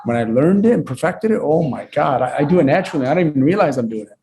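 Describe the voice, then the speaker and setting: A man's voice: fairly high pitch, expressive, fast, crowd noise. A man from Lebanon, a real estate agent, telling stories animatedly and repeating points for emphasis. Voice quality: acts out dialogue, repeats himself for emphasis. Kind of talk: animated storytelling on a call.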